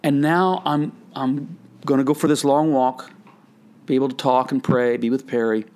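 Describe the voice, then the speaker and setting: A man's voice: mid-range voice, fairly even intonation, normal speed, darkish tone. An older man, a pastor and author, talking in a casual, reflective way and rambling as he tells stories in a podcast conversation. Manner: reflective, rambling storyteller with frequent restarts.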